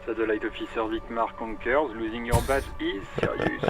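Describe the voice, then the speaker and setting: A man's voice: medium pitch, moderate pace, music in the background, natural voice. An actor playing a scrawny old male police radio operator with a rattly voice, a thick French accent and clipped radio code. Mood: dutiful. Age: older.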